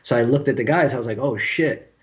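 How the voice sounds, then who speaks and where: A middle-pitched Brooklyn man, recounting old stories in a casual interview. He talks in a lively way and acts out what other people said in the scenes he describes. The recording is a little dull and lo-fi. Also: fast. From Brooklyn, New York. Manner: animated storyteller who acts out quoted dialogue. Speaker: guest musician. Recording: slightly dull lo-fi sound.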